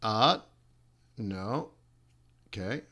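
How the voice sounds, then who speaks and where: A middle-aged man hosting a live-streamed trading lesson, animated and joking, teasing his viewers as he rambles with frequent laughs and restarts. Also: lowish voice, very slow. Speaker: forex trading instructor and host.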